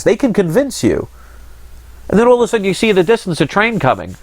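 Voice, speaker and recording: A man's voice: sits high, sing-song, fast, no echo. A man hosting his own channel, talking in a casual monologue that is earnest, rambling and frustrated. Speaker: channel host.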